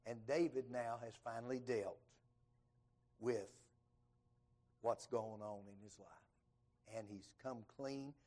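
A preacher with a drawl works his way through an evening sermon, folksy and conversational. His voice sits at a medium pitch. He leans into the quoted lines, so the talk keeps a lively storytelling feel. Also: slow pace, pauses often. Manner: folksy storyteller who acts out quoted dialogue with rising, lively voice.

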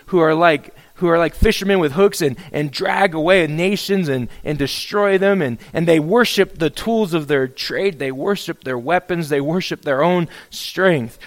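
A man's voice: on the high side, normal speed, few pauses. A man preaching a sermon, reading scripture and then acting out a prophet's pleading complaints to God. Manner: reads scripture then expounds, acts out a pleading prophet with rising intensity. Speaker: pastor.

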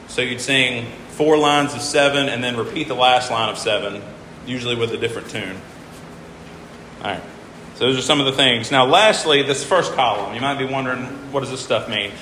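A man's voice: mid-range voice, pushed and bright, reverberant, long reverb tail, a little hiss or hum, poor audio. A man teaching a class, patiently walking through examples and counting syllables aloud. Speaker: teacher explaining hymn meters. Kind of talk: informal classroom lecture.

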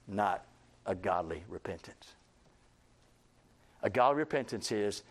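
A man pastor preaching a sermon, jumping between loud, high outbursts and quiet, low asides, acting out the voices of people he quotes. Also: lively intonation, normal speed, pauses often. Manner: acts out quoted voices of sinners.

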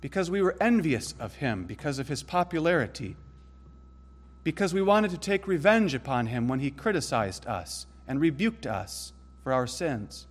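A man preaching a sermon in an earnest way, rising to emphatic peaks and then dropping low and soft. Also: sing-song, moderate pace.

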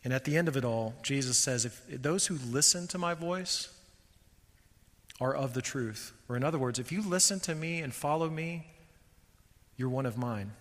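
A man's voice: mid-range voice, moderate pace. Fervent male preacher in a reverberant hall. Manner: emphatic, builds to loud fervent peaks. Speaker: pastor. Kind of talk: sermon.

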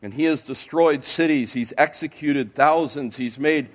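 A pastor preaching an expository sermon in church, earnest, with frequent uh and restarts. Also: male voice, fairly high pitch, moderate pace.

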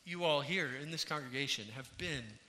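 Pastor, male, earnest sermon delivery, sharp bright tone, reverberant hall sound. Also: on the high side, normal speed, a little hiss or hum. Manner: earnest preaching, rising and falling in intensity. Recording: church hall with long reverb.

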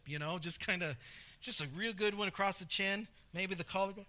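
A man's voice: high voice, brisk, bright, forceful tone. A man preaching a conversational sermon, reading scripture aloud with emphasis and stumbling over restarts. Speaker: pastor.

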